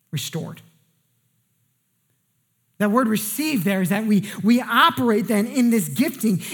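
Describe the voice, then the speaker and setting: An earnest woman pastor delivers a sermon at a middle pitch. She restarts phrases and repeats words as she goes, then drops low and soft to land key words. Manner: drops pitch and volume for emphasis.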